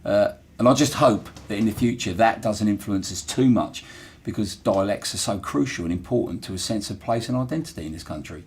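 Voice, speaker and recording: A man's voice: on the low side, brisk, few pauses, darkish tone, breathy edge. A middle-aged man with a Portsmouth accent, talking earnestly and reflectively in an interview, with frequent fillers and restarts. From Portsmouth, England. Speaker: interviewee, former dockyard worker. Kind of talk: casual interview talk.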